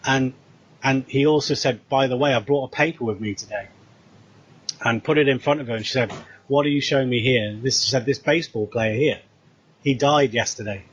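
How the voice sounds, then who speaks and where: A man's voice: mid-range voice, brisk, lo-fi sound, a little hiss or hum. A British man casually retelling a story, acting out the dialogue as he goes. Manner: animated retelling with quoted dialogue. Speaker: co-host.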